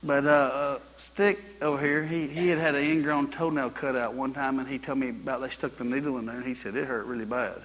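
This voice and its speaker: A man's voice: mid-range voice, fairly even intonation, fairly quick, hardly any pauses, a bit bright, long reverb tail. A man preaching a sermon. He tells folksy personal stories and builds to repeated exhortations. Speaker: pastor.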